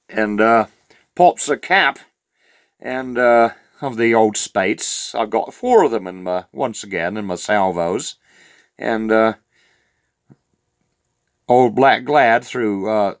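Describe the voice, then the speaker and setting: A man's voice: fairly low pitch, no echo, clean studio sound. A man voicing a crude, rambling old rural farmer from New Zealand with a Southland accent, telling a comic yarn in a meandering drawl full of "uh" fillers. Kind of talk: comic character monologue.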